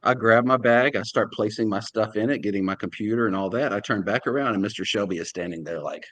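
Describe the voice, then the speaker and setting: A man's voice: lowish voice, fast, dry recording. A man co-hosting a podcast in casual chat, telling a story and acting out the people he quotes. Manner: animated storyteller, acts out quoted voices. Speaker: podcast co-host.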